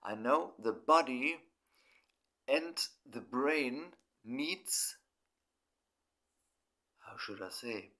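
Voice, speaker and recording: Slow-talking German man, halting English. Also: medium pitch, lively intonation, sharp tone. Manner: halting, broken English with swearing. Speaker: vlogger. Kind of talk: emotional personal monologue.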